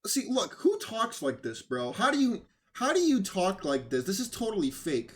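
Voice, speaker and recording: A man's voice: high voice, big pitch swings, normal speed. A man hosting casual political commentary, sarcastic and rambling, who mocks others by putting on voices. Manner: rambling, with restarts.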